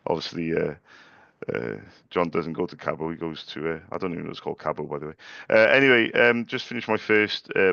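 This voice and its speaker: This young man's voice sits low, creaky yet smooth and a bit bright, as he makes sales calls for his small business and talks casually to camera in a vlog. Polite and chatty, he stammers into frequent restarts. The lo-fi sound has no room sound.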